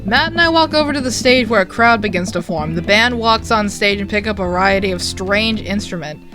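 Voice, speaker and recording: A woman's voice: mid-range voice, fairly quick. A woman casually narrating a game playthrough, with chatty, self-deprecating asides. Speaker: let's-play narrator. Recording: music playing behind.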